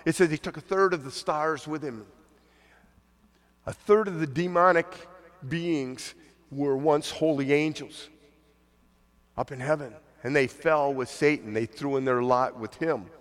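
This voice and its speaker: A man's voice: fairly high pitch, a little slow, long pauses. Preaching man in a reverberant church hall. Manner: conversational preaching, acts out quoted voices. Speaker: pastor. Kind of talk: sermon.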